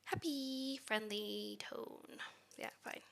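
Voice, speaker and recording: A woman's voice: fairly high pitch, takes it slowly, vocal fry, fairly bright tone. A woman live-streaming as she codes, thinking aloud and muttering or whispering to herself.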